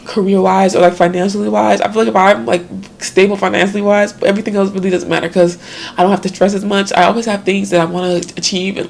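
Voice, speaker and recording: Tearful and sometimes crying, a vlogger in her twenties rambles reflectively about her worries in a video diary packed with fillers. She speaks fast and flat in a creaky mid-range voice, with a bit of hiss or hum in the background.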